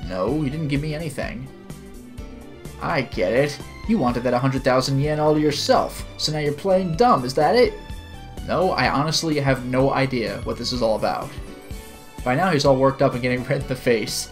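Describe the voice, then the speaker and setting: Animated streamer reading a visual novel. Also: mid-range voice, normal speed, soft background music. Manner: animated, laughs often, chats with viewers.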